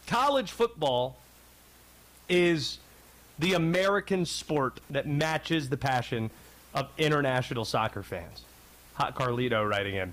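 A man's voice: mid-range voice, a bit bright. A man from North Carolina in his thirties hosting a sports talk radio show, talking in a wry, digressive way.

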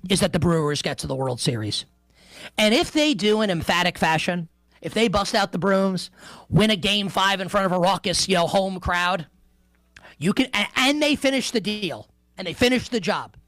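Sports radio guy, super lively voice, dry studio sound, jokey and emphatic. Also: sits high, no room sound. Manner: emphatic, conversational, playful asides. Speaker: sports betting radio host. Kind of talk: animated sports talk radio.

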